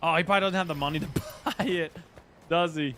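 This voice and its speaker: A man hosting a casual live game stream, chatting with viewers and greeting them by name, with excitable bursts. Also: a little high, a little fast, noisy background. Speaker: livestream host. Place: at work, indoors.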